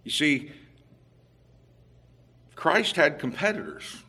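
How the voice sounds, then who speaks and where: A man preaching a sermon, unhurried with occasional fillers, growing emphatic and louder on key points. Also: fairly high pitch, huge pitch swings, husky. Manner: emphatic, rising in volume on scripture quotes.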